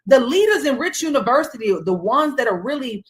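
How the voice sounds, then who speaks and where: A woman's voice: sits high, sing-song, brisk. Woman host affirming a guest. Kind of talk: casual panel talk.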